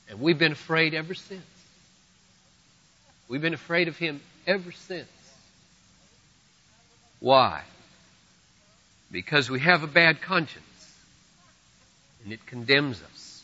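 A man preaching a sermon with a rhythmic delivery that builds to forceful peaks and sinks low again. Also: lively intonation, slow pace, pauses often. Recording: muffled, reverberant hall.

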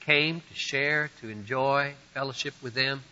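Slow, bright-voiced male preacher in a hall. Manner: rhythmic, builds to forceful crescendos then drops low. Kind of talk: sermon. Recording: muffled, reverberant hall.

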